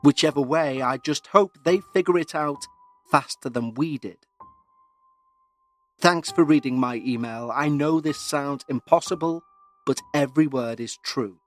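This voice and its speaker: A man's voice: fairly high pitch, measured pace, faint music behind, close to an everyday voice. A man reading a listener's letter as an anxious Scottish woman, in a put-on Scottish accent, earnest and uneasy. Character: anxious Scottish woman writing about a haunted dresser. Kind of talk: dramatic reading of a listener email.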